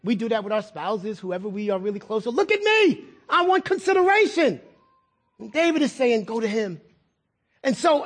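A man's voice: extremely high pitch, breathy edge. A middle-aged male pastor preaching a sermon in a conversational way, repeating words and asking the congregation questions.

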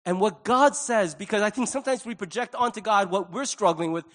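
Male pastor, high-pitched, earnest sermon delivery with big quiet-to-loud swings. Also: a little fast.

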